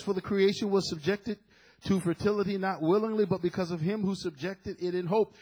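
Preacher, male, husky, a little high-pitched; sermon delivery with congregational call-outs. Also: a little mellow, rough recording. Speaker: pastor.

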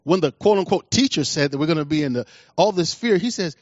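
A middle-aged male pastor preaching with a high, lively voice that swings widely as he acts out the people in his stories. His speech is folksy and colloquial. The recording is dull and lo-fi, with a dry, close sound. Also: quick pace, no room sound. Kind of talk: sermon.

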